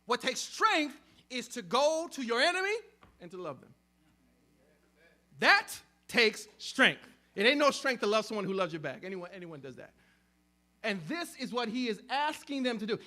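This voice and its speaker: A man delivers a sermon as pastor in a very high, bright, sharp voice. He preaches emphatically, swinging between loud stressed words and near-hushed drops. He often repeats himself and restarts phrases mid-thought. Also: sing-song, moderate pace.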